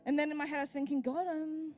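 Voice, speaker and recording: A woman's voice: sits high, completely flat delivery, racing, darkish tone, soft background music. A woman pastor with a New Zealand accent, pregnant, preaching a sermon at a church service with earnest personal storytelling.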